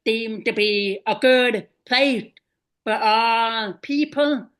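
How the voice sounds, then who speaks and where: Slow, bright-voiced woman podcast host. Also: fairly high pitch. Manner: long, winding questions. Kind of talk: interview questions.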